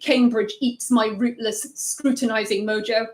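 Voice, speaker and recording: A poet, a woman, reading her own work aloud at a live launch, dropping low and quiet then lifting loud. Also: steady tone, a little slow.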